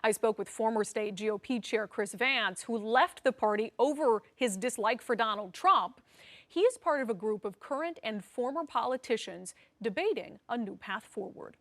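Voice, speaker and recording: A woman hosting a political news program, presenting in a brisk, conversational way with wry asides. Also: on the high side, lively intonation. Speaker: news show host.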